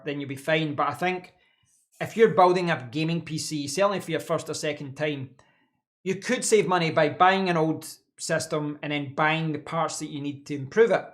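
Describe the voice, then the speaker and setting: A man's voice: on the high side, fairly bright tone. A man hosting a casual live stream from his home office desk, answering chat in a rambling way and repeating words as he thinks.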